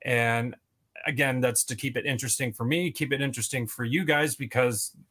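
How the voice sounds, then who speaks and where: A man's voice: mid-range voice, steady tone, a little fast, fairly bright tone, slightly rough. Rambling man with many fillers. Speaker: podcast guest, toy video creator. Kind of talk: casual interview chat.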